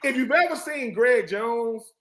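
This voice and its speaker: Man in his forties, high voice, former football player, animated storyteller, casual sports talk. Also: a little slow. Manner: animated storyteller who acts out quoted voices.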